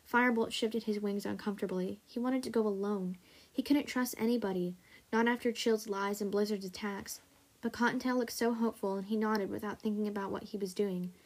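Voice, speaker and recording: A woman hosting a story podcast, reading a story aloud in a steady, even way. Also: mid-range voice, brisk.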